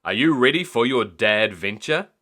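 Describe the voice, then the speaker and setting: A man's voice: medium pitch, expressive, moderate pace, sharp tone. A man voicing a cheerful, fun-loving father pig in a storybook reading, jolly and showy.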